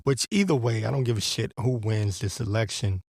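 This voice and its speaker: Speaking a little fast, a podcast host with a fairly low, slightly mellow voice delivers religious commentary that's blunt, profane and preacherly. He rambles and keeps starting over. It's a studio-quality recording without any room sound.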